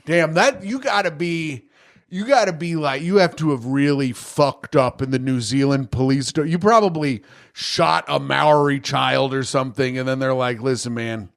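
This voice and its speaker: A man's voice: fairly high pitch, moderate pace, creaky. Joking podcast man in his thirties. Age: 30s. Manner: crude, joking, riffing. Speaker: podcast co-host. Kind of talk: casual comedic chat, reading news aloud.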